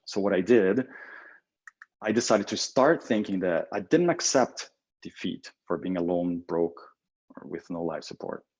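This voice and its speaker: Male creative director, low and husky, energetic motivational talk, halting with many restarts, muffled lo-fi audio. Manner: energetic, acts out both sides of imagined phone calls.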